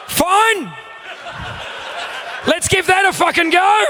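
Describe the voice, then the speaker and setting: An Australian man runs a live stage comedy show, loudly swearing and sounding exasperated as he jokes with the crowd. His pitch is extremely high, and the background is noisy.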